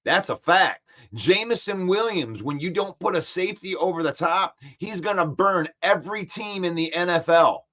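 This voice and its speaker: Male sports-stream host, fairly high-pitched, animated and combative. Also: normal speed, few pauses. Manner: animated, argumentative, repeats points for emphasis. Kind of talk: casual live-stream chat, reading comments.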